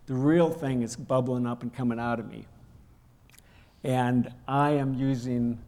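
A man's voice: mid-range voice, steady tone, slow, pauses often, slight background noise. A man preaching a sermon, telling a personal story and acting out the raised voices in it. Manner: storytelling, acts out quoted shouting. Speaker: pastor. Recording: long hall reverb.

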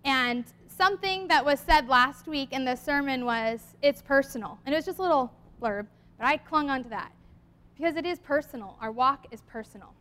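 Woman with a high voice sharing at church, earnest and a bit teary, reads a poem out slow. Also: animated, pushed and bright. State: tearful at times. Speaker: lay speaker at church. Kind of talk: heartfelt church talk.

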